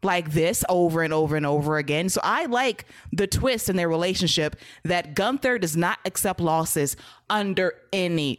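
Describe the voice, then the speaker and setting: A woman hosting a wrestling podcast, recapping casually in an expressive, laughing way and swearing freely. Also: fairly low pitch, dry recording, clean studio sound. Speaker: podcast host.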